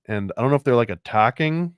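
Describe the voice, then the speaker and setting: A man's voice: medium pitch, expressive, quick pace, smooth, dry recording, clean studio sound. A man hosting a casual show-and-tell of picture book art, rambling and unsure, full of likes and restarts. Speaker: host.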